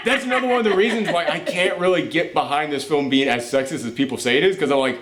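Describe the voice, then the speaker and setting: A man hosting a casual movie reaction chat, animated and profane, laughing often. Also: fairly high pitch, fast talker, a loud crowd. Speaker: host of a movie reaction show. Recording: roomy echo.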